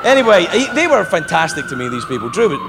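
A man doing stand-up storytelling in front of a live audience, profane and animated, acting out the other people in his stories. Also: sits high, fast, vocal fry. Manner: profane, animated, acts out voices. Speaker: stand-up comedian. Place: live comedy venue with audience. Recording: echoey live room with crowd and noise.

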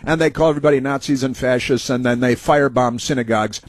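A man's voice: mid-range voice, fast, no room sound. Heated, mocking male talk host. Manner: heated, mocking, rambling with many fillers. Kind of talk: opinion commentary.

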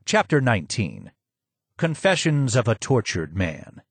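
Male audiobook narrator, measured, mid-pitched, dry studio sound. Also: slightly rough, no room sound. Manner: steady, measured storytelling. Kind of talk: scripted first-person narration.

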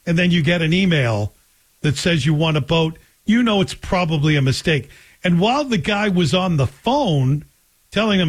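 Middle-aged man, talk radio host, husky voice, wry conversational monologue. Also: a little high, expressive, normal speed. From Scotland. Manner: wry, joking, conversational storytelling.

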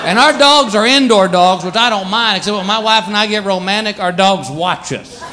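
A man doing a stand-up set, animated, acting out his pets in silly voices. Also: high-pitched, moderate pace. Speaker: stand-up comedian. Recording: live club, loud crowd, background noise.

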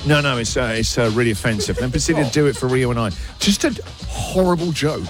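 A man's voice: mid-range voice, animated, music in the background. A man hosting breakfast radio, teasing and chatty. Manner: jokey, teasing, quick asides. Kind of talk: casual radio banter.

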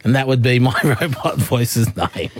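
A man's voice: medium pitch, a little slow, breathy edge, no room sound. A man in his forties with an Australian accent, hosting a radio show in playful, casual banter. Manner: playful, laughing often. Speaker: radio breakfast host.

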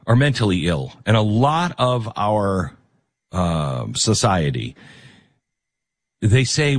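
A middle-aged man hosting a talk radio show, speaking in a conversational, rambling way and often restarting his sentences. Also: on the low side. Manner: conversational, rambling, self-interrupting. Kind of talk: talk radio monologue with live ad read.

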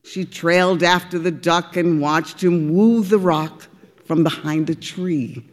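A woman narrating a storybook, expressive and deliberate. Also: lowish voice, long reverb tail. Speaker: audiobook reader.

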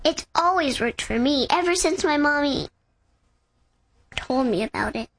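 A woman's voice: sits high, expressive, a little slow. A sweet orphaned little girl. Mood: childlike. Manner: childlike, earnest.

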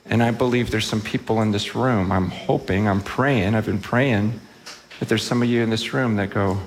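A man's voice: lowish voice, moderate pace, big-room sound, slight background noise. A man preaching a sermon to a congregation, impassioned, and acting out the voices of those he quotes. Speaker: pastor. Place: in a room with a congregation.

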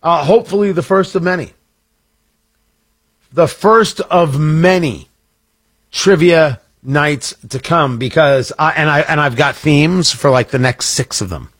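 A man's voice: on the high side, unhurried, a bit bright, slightly rough, no echo. A man hosting a morning radio talk show in a casual, rambling, joking way. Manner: rambling, self-interrupting, jokey.

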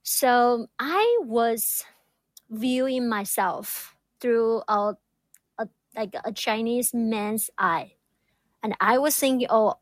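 A woman guest speaking very slowly and reflectively, stuttering and repeating words. Her voice is fairly high. The sound is dry and close. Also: no room sound. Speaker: guest, doctoral student. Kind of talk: reflective interview answers.

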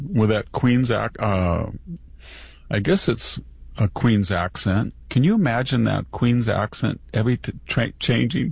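A man's voice: fairly low pitch, gravelly, a little mellow, slightly rough, no room sound. A male guest commentator talking casually and mockingly about politicians. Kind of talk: casual opinionated chat.

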